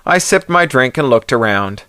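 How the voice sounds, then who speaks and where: A man's voice: medium pitch, expressive, normal speed, sharp tone, dry recording, studio quality. A man reading a first-person story aloud, in a wry, hardboiled delivery. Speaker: audiobook narrator.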